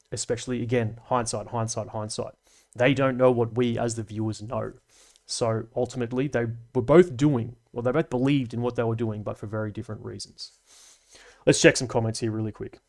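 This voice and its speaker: A man's voice: mid-range voice, fairly even intonation, normal speed, a little mellow. A man with an Australian accent hosting a casual livestream, reading viewer comments aloud and answering them in a chatty, analytical way with dry asides and slang. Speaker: livestream host.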